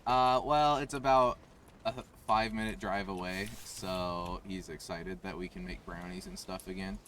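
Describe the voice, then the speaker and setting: A man's voice: lowish voice, sing-song, normal speed. A young man streaming a game live, chatting with crude, melodramatic, self-mocking humor. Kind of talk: live gameplay stream chat. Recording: distant from the mic with faint noise.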